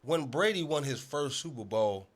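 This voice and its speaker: A man's voice: mid-range voice, expressive, moderate pace. A man hosting a casual sports talk show, arguing emphatically and repeating himself for emphasis.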